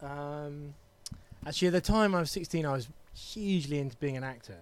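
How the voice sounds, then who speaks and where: A man's voice: fairly high pitch, fairly quick. A man in his thirties from England with a southern English accent, a guest chatting in an easy, hesitant way full of ums. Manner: relaxed, hesitant with many ums. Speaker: guest singer. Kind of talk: casual interview chat.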